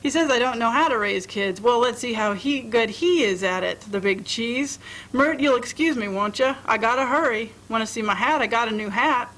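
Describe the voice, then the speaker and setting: A woman's voice: a little high, moderate pace, a bit bright. A woman voicing a brash young wife running off, who talks in breezy, boastful folksy slang. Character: brash young woman fleeing her marriage.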